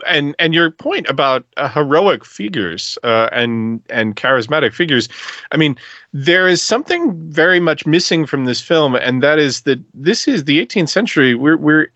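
Host, measured man steering the talk, bright voice, dry. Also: a little high, lively intonation, dry recording, dull audio. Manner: measured, leads the conversation. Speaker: podcast host. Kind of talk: hosting a discussion.

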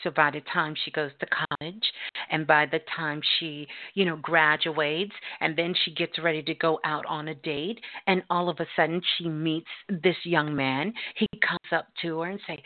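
A middle-aged woman radio host telling a story in a slow, drawn-out, emphatic way. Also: low voice, steady tone. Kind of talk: storytelling talk. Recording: tinny phone-like line.

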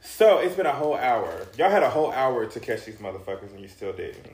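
A man's voice: mid-range voice, very animated, brisk, a little mellow, reverberant. A man co-hosting a casual podcast chat who talks emphatically and repeats lines for effect. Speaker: podcast co-host.

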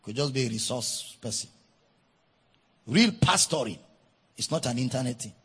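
A man preaching a sermon as pastor, slow and emphatic, repeating key phrases for weight. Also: medium pitch, expressive, fairly bright tone, breathy edge, big-room sound.

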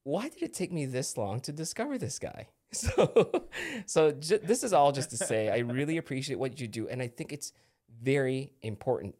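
A man's voice: medium pitch, darkish tone. A man hosts a podcast in easy interview chat. He sounds friendly and pokes fun at himself. He laughs often between his remarks. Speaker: podcast host.

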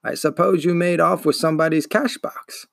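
Grumpy old bookshop man , a guy putting it on, gruff n gravelly, kinda high, dry sound. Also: fairly even intonation, no echo. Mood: interrogating. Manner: growling, disdainful, slow and grumbling. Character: gruff grumbling old male bookseller, pipe-smoking, curmudgeonly.

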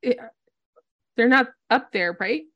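A woman's voice: on the high side, takes it slowly, muffled recording, voice pushed up. A woman voicing a grieving villager parent who sounds wary and questioning. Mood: puzzled.

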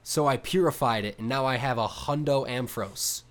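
A young man co-hosting a podcast, telling stories in a casual, animated way with swearing. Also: mid-range voice, normal speed. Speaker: podcast co-host. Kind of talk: casual chat.

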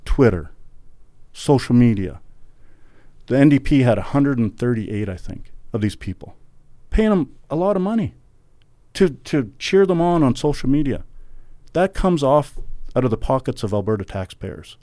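The guest is a middle-aged Canadian who once ran for office, and his impassioned political talk in this podcast interview swells into fervent outbursts full of repeated words. He sounds animated and mellow at a medium pitch and moderate pace, pausing often, with no echo.

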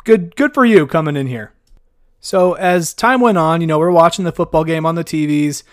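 A man's voice: fairly high pitch, normal speed, no room sound, clean studio sound. A young man casually telling a funny story, chatty and self-mocking, often laughing at himself.

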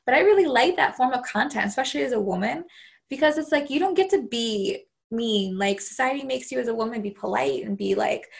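A woman's voice: fairly high pitch, lively intonation, a little fast, creaky. A woman hosting a podcast interview, chatting earnestly with many fillers. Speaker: podcast host. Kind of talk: casual interview chat.

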